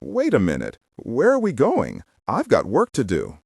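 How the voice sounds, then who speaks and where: A man's voice: medium pitch, wildly swooping pitch, unhurried, creaky, darkish tone, slightly rough, no room sound, studio quality, heavily acted. A man narrating an audiobook, voicing a female archaeologist who protests in a raised, indignant tone. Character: female archaeologist, sharp and irritated.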